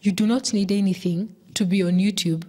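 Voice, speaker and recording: A woman's voice: mid-range voice, steady tone, dark tone. Woman hosting a live talk show. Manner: conversational, quick affirming backchannels. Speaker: TV and radio talk show host. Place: TV studio.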